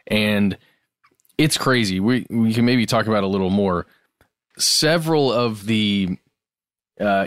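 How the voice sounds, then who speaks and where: A man co-hosting a podcast, talking casually in a relaxed, wry way with some restarts. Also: medium pitch, measured pace, no room sound, clean studio sound. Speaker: podcast co-host. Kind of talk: casual conversation.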